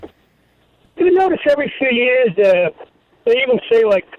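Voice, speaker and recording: A teasing, jokey male caller from Long Island with a notably high voice. He sounds dull and lo-fi over the phone. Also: big pitch swings, normal speed, slight background noise.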